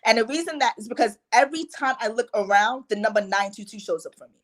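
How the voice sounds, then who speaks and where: Fast-talking New York woman. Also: a little high. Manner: fast, storytelling, lots of "you know" and "like". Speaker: guest life coach. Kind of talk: casual podcast chat.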